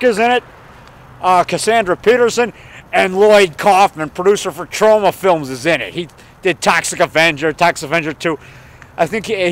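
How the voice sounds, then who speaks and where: A man with a high, slightly bright voice leads a walking tour vlog through an outdoor forest preserve along a river. He's an indie horror filmmaker, chatty and eager, who rambles, says things twice, and chuckles.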